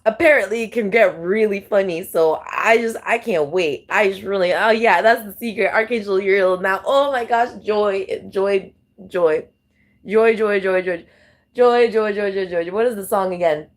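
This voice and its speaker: A woman's voice: medium pitch, moderate pace. A woman tarot reader chatting casually to her viewers, giggly and exclamatory, with lots of repeated exclamations. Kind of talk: casual chat to camera.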